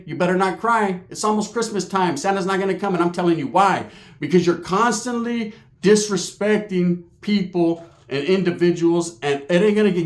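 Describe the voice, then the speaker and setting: A streetwise man, talking straight to his viewers and swearing freely. His voice sits a touch high for a man, with Spanish words dropped in here and there. The room around him echoes noticeably. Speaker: YouTube vlogger. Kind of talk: casual talk to camera.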